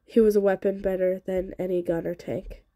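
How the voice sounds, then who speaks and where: A woman's voice: medium pitch, level tone, normal speed, mellow, natural voice. A woman reading aloud, voicing a bold young woman with emphatic, urgent lines. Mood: grim.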